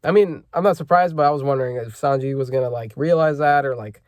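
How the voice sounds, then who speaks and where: A man's voice: mid-range voice, quick pace, darkish tone, no room sound, studio quality. A man hosting a casual manga chapter reaction, rambling with lots of fillers and self-corrections as he reads panels aloud.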